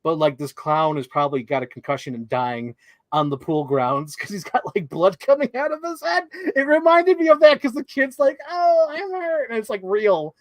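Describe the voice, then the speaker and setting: A young man co-hosting a casual movie chat, rambling and swearing, quick to laugh. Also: a little high, no echo. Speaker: podcast co-host.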